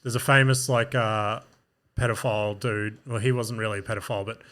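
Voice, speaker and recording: A man chats loosely as a podcast host, rambling through stories and laughing often. His voice has a bright, forward ring. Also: fairly low pitch, steady tone, a little fast. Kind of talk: casual chat.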